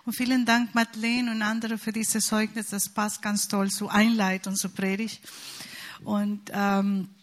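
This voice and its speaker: A middle-aged woman from Costa Rica with a Costa Rican Spanish accent, chatting warmly to a congregation with fillers. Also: medium pitch, little pitch movement, measured pace. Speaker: church speaker. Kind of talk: casual address to a congregation.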